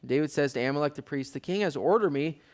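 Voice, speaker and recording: A man teaching a Bible study, reading scripture aloud and then explaining it in a relaxed, conversational way with wry asides. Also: a little high, fast.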